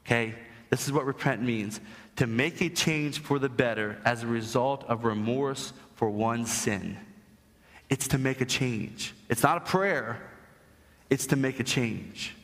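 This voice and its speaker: A man's voice: medium pitch, a little slow, fairly bright tone. A young adult man preaching a sermon as pastor, emphatic and rising to strong stress on key points. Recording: long hall reverb.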